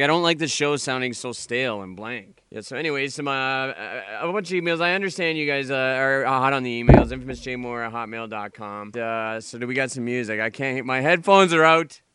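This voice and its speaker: A man's voice: mid-range voice, sharp tone, slight background noise. A man playing a brash, profane radio host who complains on air in a comedic sketch. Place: radio studio.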